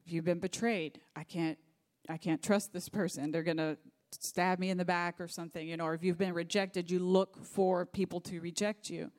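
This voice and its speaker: A woman's voice: lowish voice, fairly even intonation, moderate pace, darkish tone. A middle-aged woman pastor preaching a sermon, telling a personal story in an earnest, faith-focused way.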